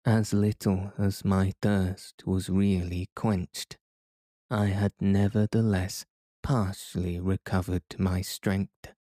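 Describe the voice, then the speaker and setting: This low-pitched man narrates an audiobook from a script, keeping his delivery steady and measured. The sound is clean studio audio with no reverb.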